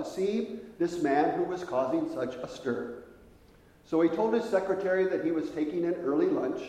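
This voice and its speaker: A man's voice: a little high, mellow. Male preacher telling a story in an echoey hall. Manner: vivid, conversational storytelling. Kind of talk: sermon storytelling. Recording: echoey hall with long reverb.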